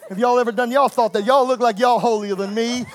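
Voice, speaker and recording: A man preaches to his congregation, his voice sitting strikingly high. He swings between playful asides and full-throated shouts of praise, teasing the crowd one moment and calling out scripture the next. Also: steady tone, a little fast, slight background noise. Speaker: pastor. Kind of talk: sermon.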